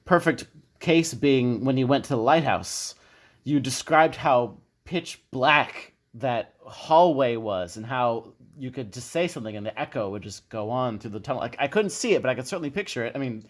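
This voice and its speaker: A man with a Midwestern American accent, an eager podcast fan chatting with the hosts on a video call. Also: mid-range voice. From Michigan, USA. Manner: eager, enthusiastic. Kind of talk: casual video-call chat.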